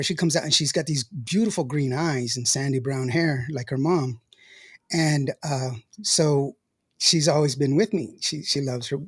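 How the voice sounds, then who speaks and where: Older man, husky, dry close sound, rambling and laughing podcast host. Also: on the high side, no echo. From West Texas. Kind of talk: casual chat, reading live comments.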